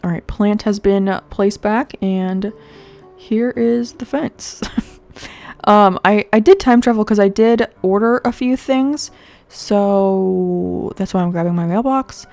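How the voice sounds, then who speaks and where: A young woman with a congested, sniffly voice, rambling through casual gameplay commentary and thinking out loud as she goes. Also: medium pitch, slow pace. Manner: chatty, rambling, thinks aloud with fillers. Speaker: gaming video host. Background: faint game music.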